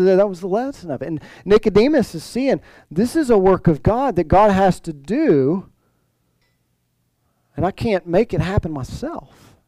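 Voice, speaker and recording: A man's voice: sits high, mellow, no echo, low-quality recording. A male pastor preaching a sermon in a conversational way, full of restarts and rhetorical questions.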